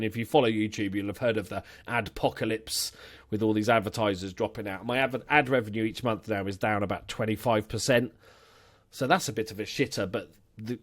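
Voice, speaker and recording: A young man hosting a football management let's play, chatting casually and swearing freely, with excitable bursts over the game. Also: on the low side. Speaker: gaming channel host.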